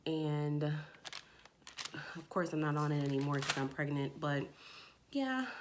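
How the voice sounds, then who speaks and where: A young woman chats to her camera, telling a long personal story in a loose, lively way. Her voice sits a little low for a woman, but it jumps much higher whenever she quotes herself or her friends. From Jamaica. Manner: animated, acts out quoted friends in a raised voice. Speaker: vlogger.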